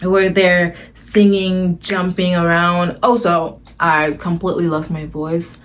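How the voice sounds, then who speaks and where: A woman's voice: on the low side, flat delivery, slow pace, a little hiss or hum. A woman vlogger telling a casual storytime to the camera, gushing and rambling, often restarting her phrases.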